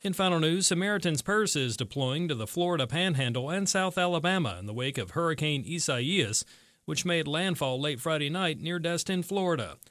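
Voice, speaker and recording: A man reading a radio newscast as the anchor, steady and measured. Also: a little high, no room sound, clean studio sound. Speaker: news anchor.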